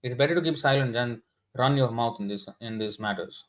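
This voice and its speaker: A man's voice: mid-range voice, brisk, poor audio. A man giving a sermon in an indignant, scolding, emphatic manner. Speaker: scripture class speaker.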